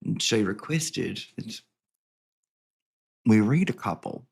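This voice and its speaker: Rambling, gravelly-voiced man vlogging. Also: on the low side, expressive, takes it slowly, a little mellow. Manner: rambling, profane, jokey. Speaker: host. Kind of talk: casual vlog chat and reading. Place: home.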